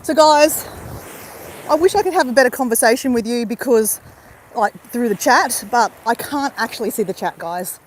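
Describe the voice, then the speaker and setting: An Australian woman on a YouTube live stream chats casually and laughs with her viewers, addressing them directly as she walks along a beach with her phone at arm's length. She speaks at normal speed in a fairly high, animated voice. The recording is low quality, with slight background noise.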